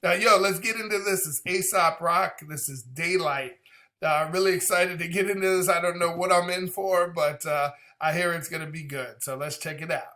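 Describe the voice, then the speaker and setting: A man's voice: a little high, moderate pace. A man in his thirties hosting a music reaction channel, chatting casually and animatedly. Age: 30s. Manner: animated, talkative, breaks into impressions. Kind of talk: casual reaction vlog chat.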